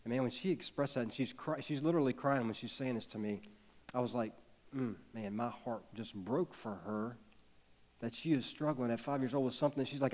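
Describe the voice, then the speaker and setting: A pastor in his thirties preaches a sermon, earnestly telling a personal story that builds to emphatic peaks. His mid-range voice is a little fast and a little mellow.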